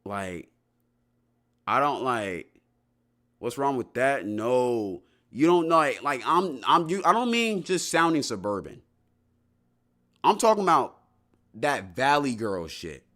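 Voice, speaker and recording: Young male streamer, lively slangy talk. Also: mid-range voice, slow, pauses often. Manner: slangy and rambling, with many restarts and "bro". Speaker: livestreamer answering chat. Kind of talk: casual stream chat.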